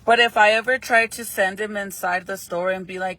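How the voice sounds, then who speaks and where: A woman's voice: medium pitch, steady tone, brisk, pushed and bright. A young woman chatting casually while doing her makeup, swearing freely and laughing often. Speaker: vlogger.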